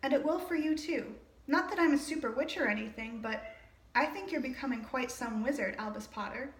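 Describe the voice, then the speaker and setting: A woman reading aloud as a friendly, flattering young witch, with a bright, encouraging delivery. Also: high voice, fairly quick, a little hiss or hum, close to an everyday voice. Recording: roomy echo.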